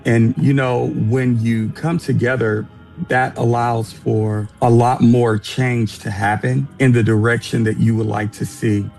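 A man who is a union vice president, answering interview questions in a steady, earnest way. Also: medium pitch, a little slow, gravelly, faint music behind, low-quality recording.

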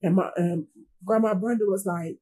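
A middle-aged woman, a grieving mother, recounting a painful loss in a halting way, repeating herself and trailing off. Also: medium pitch, steady tone, warm tone, husky, rough recording. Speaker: grieving mother being interviewed. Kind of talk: emotional personal recounting.

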